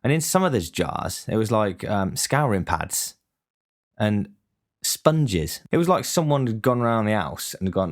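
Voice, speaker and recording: A young man telling a rambling, sweary story in a casual, deadpan complaining way. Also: on the low side, moderate pace.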